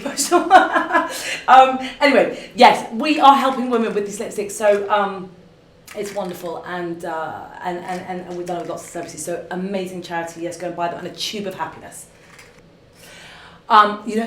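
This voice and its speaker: A woman's voice: lowish voice, a bit bright, slight background noise. A woman, gushing and effusive as she answers fan questions in a live makeup demonstration from an office. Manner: gushing and effusive, full of fillers and restarts. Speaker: beauty brand founder answering fan questions. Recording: roomy echo.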